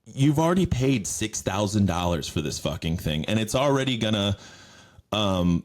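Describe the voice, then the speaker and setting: A man's voice: on the low side, sing-song, normal speed. A man hosting a podcast, riffing on news stories in a rambling, profane, mocking way. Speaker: podcast host. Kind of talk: casual news commentary.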